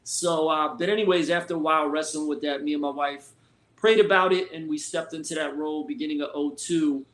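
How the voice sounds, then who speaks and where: A middle-aged man from Philadelphia, a senior pastor and guest, telling his story in a relaxed, colloquial way. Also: on the high side, a little fast. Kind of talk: casual conversational storytelling. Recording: roomy echoey sound.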